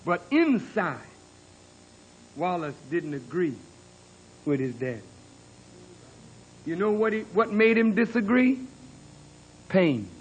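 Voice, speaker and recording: Slow, high-voiced preaching man. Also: sing-song, a little hiss or hum, low-quality recording. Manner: dramatic storytelling, dropping low and soft, then rising to emphatic peaks; earnest testimony, insisting on his honesty. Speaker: minister. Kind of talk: sermon.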